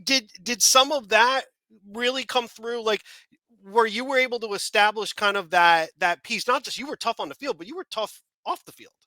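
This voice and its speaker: High bright-voiced host guy, long winding questions, dry sound. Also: normal speed, dry recording. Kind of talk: casual chat.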